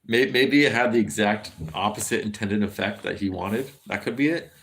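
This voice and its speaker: A man with an American accent talks through a casual livestream in a lowish voice. He rambles and swears freely, circling back and restarting his sentences as he goes. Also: normal speed, fairly bright tone. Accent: General American. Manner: rambling, profane, many restarts.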